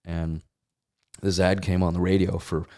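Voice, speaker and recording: A man's voice: low-pitched, a little slow. A middle-aged man, an actor, telling stories casually in an interview and acting out the people he quotes. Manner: animated, acts out quotes in voices. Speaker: actor, guest.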